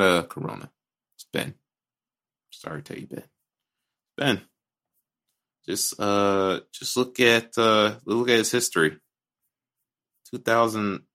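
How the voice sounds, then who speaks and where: A low-pitched man co-hosts a laid-back movie podcast, his voice bright and forceful. He rambles, restarts his sentences and swears freely as he gives his opinions. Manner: rambling, restarts a lot, blunt and profane. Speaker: podcast co-host. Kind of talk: casual movie chat.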